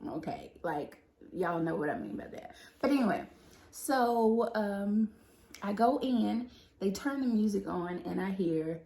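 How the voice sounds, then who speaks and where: A woman's voice: medium pitch, expressive, unhurried, vocal fry, mellow. A young woman casually telling the story of her baby's birth, laughing often as she talks. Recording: echoey room.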